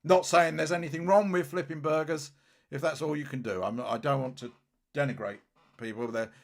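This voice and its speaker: A man's voice: fairly high pitch, steady tone, a little fast, gravelly. A man hosting a casual livestream, talking bluntly and scornfully in a rambling way with many restarts. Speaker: livestream host.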